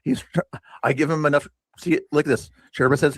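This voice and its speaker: A man's voice: on the high side, fairly even intonation, a little fast, fairly bright tone, no echo. An older man streaming, rambling in a chatty, self-mocking way as he talks to his viewers about a past stream. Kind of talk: rambling live-stream commentary.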